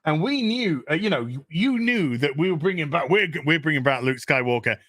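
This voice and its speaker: A man hosting a casual commentary show from his kitchen, ranting in an animated, sarcastic way and swearing freely. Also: on the high side, a little fast, no room sound, clean studio sound. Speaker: show host. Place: home kitchen.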